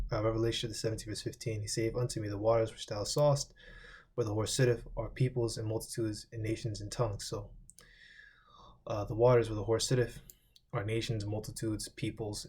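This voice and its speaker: A man's voice: on the low side, a little mellow, a little hiss or hum. A man teaching a Bible lesson in a loose, rambling way, swearing casually and repeating lists as he recalls them. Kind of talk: informal scripture lesson.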